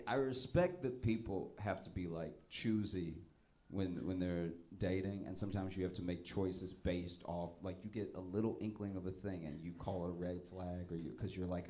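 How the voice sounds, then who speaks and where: Laughing stand-up comedian man. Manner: animated storytelling, often laughing, jumps to loud high punchlines.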